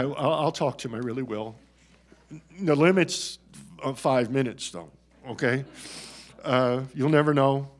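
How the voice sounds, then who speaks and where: An older man delivers a farewell speech at a press conference in a mid-range voice. He talks in a folksy, wisecracking way, and emotion catches in his voice now and then. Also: mid-range voice. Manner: folksy, joking, choked up at times. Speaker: retiring athletics director.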